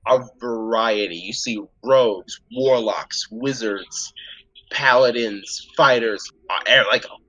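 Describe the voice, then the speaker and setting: A man acting as game master, narrating a tabletop game in a casual, swearing style with quick asides. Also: medium pitch, sharp tone, low-quality recording.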